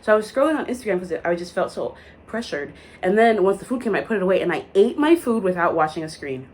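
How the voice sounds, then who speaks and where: A woman's voice: medium pitch, animated, fast talker, darkish tone, slightly rough. A young woman vlogger telling a story in a casual, dramatic way, full of likes and asides. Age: young adult.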